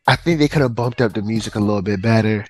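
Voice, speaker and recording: A man co-hosting a casual podcast chat, relaxed and slangy. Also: fairly low pitch, fast, soft background music. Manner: relaxed, slangy, laid-back. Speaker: podcast co-host.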